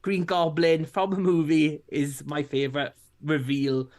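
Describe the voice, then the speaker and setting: A man co-hosts a casual live stream, rambling easily through his thoughts with plenty of fillers and restarts. His voice sits a little higher than most men's. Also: a little slow. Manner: relaxed, rambling, full of likes and restarts. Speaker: co-host.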